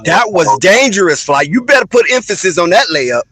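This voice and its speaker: A man's voice: sits high, big pitch swings, moderate pace, crowd noise. A man giving casual color commentary on a basketball stream, chatty and joking.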